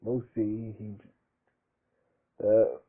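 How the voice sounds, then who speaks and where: A man's voice: fairly low pitch, little pitch movement, very slow, husky. A man reading a fan book aloud in a casual way, tripping over words, rereading his slips and adding his own asides. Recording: tinny phone-like sound.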